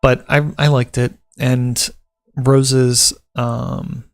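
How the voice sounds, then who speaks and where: A Southern US vlogger and tattoo apprentice chats casually to camera, reading article points aloud and riffing on them with rambling jokes. His medium-pitched, creaky voice is flat and extremely slow, recorded in clean studio sound with no echo.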